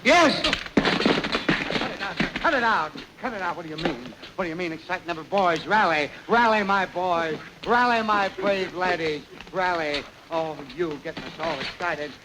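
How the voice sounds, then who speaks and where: A man's voice: high voice, normal speed, natural voice. A man playing a flustered comic army officer. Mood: fussy. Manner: melodramatic, fussy, swings from loud to hushed. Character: fussy, flustered male officer leading a comic execution. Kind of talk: 1920s film comedy acting. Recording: crackly 1929 film soundtrack hiss.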